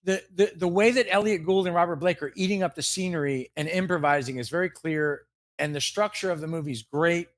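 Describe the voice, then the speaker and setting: A man co-hosting a live comedy podcast, talking fast and ranting in mock anger with plenty of swearing. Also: a little high, no room sound. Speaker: podcast co-host. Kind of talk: comedy podcast banter and rants. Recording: live show with background music.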